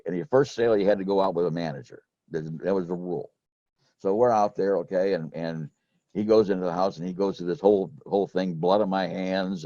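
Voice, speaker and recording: In this dull, echo-free audio, a middle-aged former insurance sales manager spins rambling, folksy tales about selling insurance, with plenty of restarts. His voice is fairly low and mellow, and the mood is a relaxed storytelling chat.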